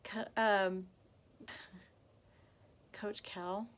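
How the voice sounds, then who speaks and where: A woman's voice: mid-range voice, flat delivery, very slow. A woman hosting a casual live craft demonstration, chatty and gushing, calling her viewers y'all. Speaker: craft shop owner hosting a live video.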